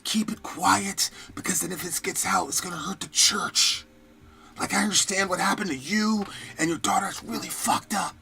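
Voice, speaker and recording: A man putting on the voice of someone quietly urging a victim to keep silent, in a low, pressing half-whisper. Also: animated, normal speed, gravelly, full character voice. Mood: hushed.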